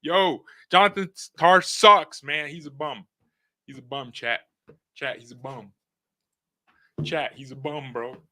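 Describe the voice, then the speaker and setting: A man's voice: medium pitch, steady tone, unhurried, long pauses, sharp tone, dry recording. A young man hosting a fan live stream, joking in slang, talking to his chat and reading news aloud. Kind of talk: casual live-stream commentary.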